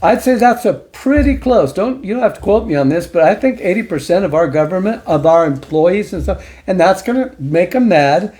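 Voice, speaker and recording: A man's voice: sits high, animated, moderate pace, hardly any pauses, darkish tone. A middle-aged man hosting an opinion commentary show, talking emphatically in a preachy way and repeating points for stress. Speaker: host.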